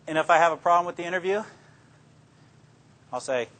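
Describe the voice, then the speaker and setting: A man's voice: a little high, a little fast, a bit bright. Older man telling folksy police stories. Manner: folksy, plainspoken storytelling that acts out his own interrogation lines. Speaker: police detective speaking to law students. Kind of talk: anecdotal talk to an audience.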